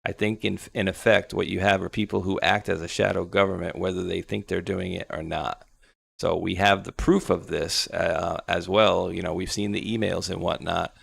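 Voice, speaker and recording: A man's voice: deep voice, level tone, moderate pace, vocal fry, fairly bright tone, breathy edge, no echo. A man co-hosting a talk show, chatting loosely and rambling with sarcastic asides. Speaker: podcast co-host. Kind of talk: casual political chat.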